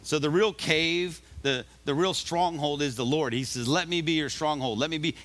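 A male pastor delivering a sermon, reading scripture slowly and urging listeners on with emphatic, repeated exhortations. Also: on the high side, fairly bright tone. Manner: reads scripture aloud slowly.

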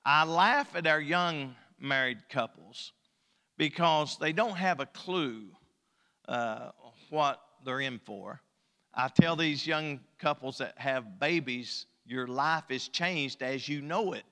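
Male pastor, high bright tenor, folksy storytelling sermon, church hall reverb. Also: takes it slowly. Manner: folksy preaching, swings from hushed storytelling to loud exhortation. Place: church sanctuary.

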